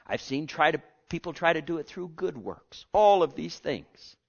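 A man preaching a sermon with passion, swinging between loud pleading and hushed, almost whispered lines. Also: on the high side, lively intonation, moderate pace, creaky. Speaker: pastor. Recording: lo-fi dull sound.

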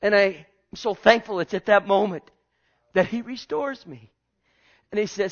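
Higher-voiced male pastor preaching. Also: moderate pace, highs cut off. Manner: preaching with sudden swings in loudness, repeating phrases; asks the congregation direct questions. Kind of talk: sermon.

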